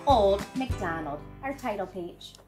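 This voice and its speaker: Woman, pre-K teacher, slow unhurried delivery, playful animal noises, children's music under the voice. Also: medium pitch, expressive. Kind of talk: televised lesson for young children. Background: light children's music.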